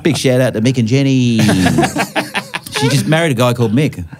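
A man's voice: mid-range voice, moderate pace, noisy background. A man, a comedian guest on a casual podcast, who tells stories with frequent laughter and swearing. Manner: laughing storyteller, swears freely.

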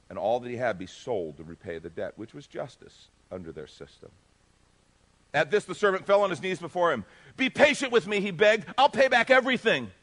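A male pastor preaching a sermon, emphatic and animated, swinging between loud bursts and hushed asides. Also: mid-range voice.

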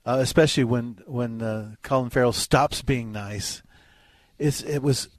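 A man's voice: medium pitch, a little slow, no echo. A man co-hosting a radio show, talking movies in an easygoing, casual chat. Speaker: radio co-host and movie critic.

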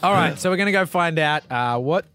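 A man's voice: fairly high pitch, expressive, bright, forceful tone. Joking man hosting a podcast. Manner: joking, quick to laugh. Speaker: podcast co-host. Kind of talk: casual comedic banter.

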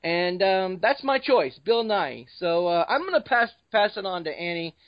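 A man's voice: high voice, big pitch swings, moderate pace, no room sound, muffled recording. A man hosting a casual podcast. He jokes and talks informally as he leads the discussion. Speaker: podcast host.

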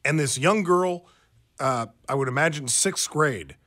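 Radio guy chatting on air, slightly high voice, lots of uh's and restarts. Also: a little slow. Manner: animated storytelling, frequent fillers and restarts. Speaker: radio show co-host. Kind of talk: casual talk radio banter.

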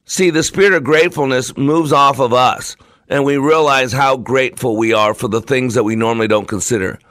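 A man's voice: medium pitch, fairly even intonation, a little fast, fairly bright tone, no room sound. A man hosting his own talk show, delivering an emphatic, repetitive, preacher-like monologue. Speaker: show host.

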